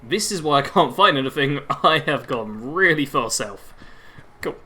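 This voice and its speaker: A man's voice: on the high side, lively intonation, moderate pace, bright, forceful tone. A young man live streaming a game on a headset mic, chatting constantly and reading chat aloud.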